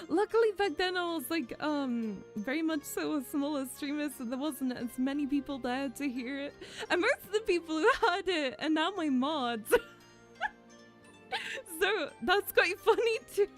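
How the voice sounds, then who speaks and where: A woman's voice: high-pitched, normal speed, faint music behind. A young woman VTuber chatting casually with her viewers, giggly and emotional. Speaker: VTuber streamer. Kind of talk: casual chat with stream viewers.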